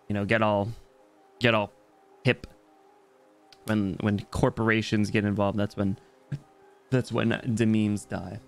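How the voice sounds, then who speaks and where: A man's voice: on the low side, little pitch movement, takes it slowly, gravelly, pauses often, clear, resonant tone, soft background music. A young man streaming a video game, rambling and joking with his chat while he plays. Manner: rambling, jokey, talks to chat while playing. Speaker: VTuber streamer. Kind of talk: casual gaming livestream chat.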